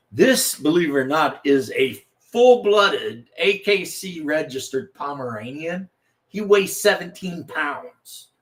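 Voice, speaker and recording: Slow, rambling man chatting on a livestream. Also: fairly high pitch. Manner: slow, rambling, with many fillers and restarts. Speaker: livestream host. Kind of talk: casual livestream chat.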